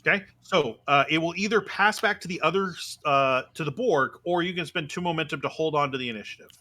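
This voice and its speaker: Need a male game master with a slightly high, bright voice, methodical and filler-heavy at the table. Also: fairly quick. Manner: methodical, explains rules with many fillers.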